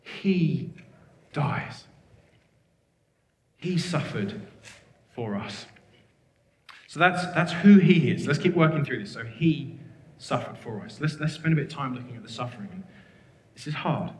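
A man's voice: on the high side, normal speed, slight background noise. A man preaching a sermon, earnest and emphatic, rattling off scripture references. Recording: echoey hall with long reverb.

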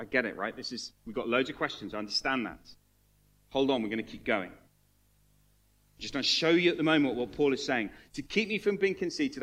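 A man preaching a sermon as pastor, animated and swinging between hushed, intimate lines and loud emphatic ones, acting out the voices he quotes. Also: mid-range voice.

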